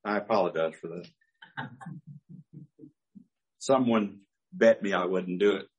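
A man's voice: low voice, a little fast, darkish tone, highs cut off. A man preaching a sermon as pastor, talking conversationally with dry humor.

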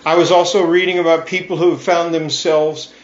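A man's voice: a little high, little pitch movement, brisk. A man giving a sermon to his congregation, reading scripture and earnestly repeating its refrains. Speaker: priest. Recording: echoey, dull lo-fi church recording.

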